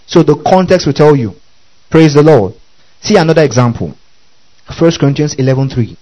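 A man's voice: on the high side, expressive, moderate pace, mellow, rough recording. A man preaching a Bible-teaching sermon, often asking the congregation whether they follow. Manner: keeps checking the audience follows, repeating questions.

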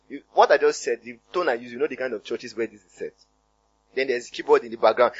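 Brief: male Nigerian pastor, high, animated and cracking voice, lo-fi sermon recording. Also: fast, breathy edge, no room sound. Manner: animated, conversational preaching, punctuated by hallelujahs.

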